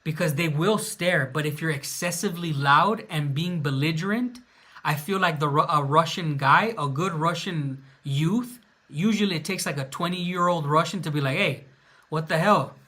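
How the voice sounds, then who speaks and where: An American man chats his way through a live question-and-answer stream, loose and unscripted, often stopping on filler sounds. His voice sits slightly high and comes across bright and forward. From United States. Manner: casual, rambling, with frequent filler pauses. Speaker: livestream host. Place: indoors at home, late at night.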